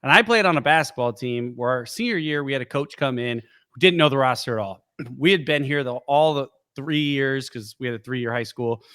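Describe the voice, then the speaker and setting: A middle-aged man co-hosting a sports podcast in casual chat, an animated storyteller who jumps into high voices to act out quotes. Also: brisk, clean tone. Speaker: podcast co-host.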